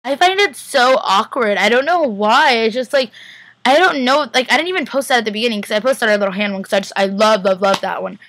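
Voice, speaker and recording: A woman's voice: a little high, brisk, fairly bright tone. A young woman vlogger casually rambling through a recap, full of "like" and acted-out quotes. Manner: rambling, heavy use of "like", acts out quotes.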